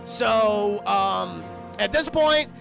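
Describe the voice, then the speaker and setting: A young man streaming a casual, profane spoiler recap, talking excitedly to his chat. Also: sits high, very slow, creaky, soft background music. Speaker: streamer and film reviewer.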